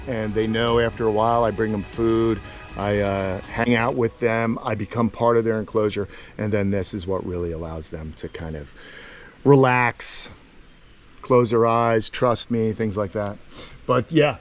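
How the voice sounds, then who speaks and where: A man hosting a casual, enthusiastic walking tour of outdoor animal enclosures, talking with lots of fillers. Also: medium pitch. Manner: chatty and enthusiastic, many fillers. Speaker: reptile sanctuary owner and host.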